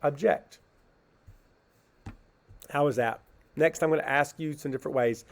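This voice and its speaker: A man's voice: mid-range voice, gravelly. A man teaching a phonics lesson to children, asking a question and answering it himself, then sounding words out syllable by syllable. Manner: slow, patient, asks questions and answers them himself.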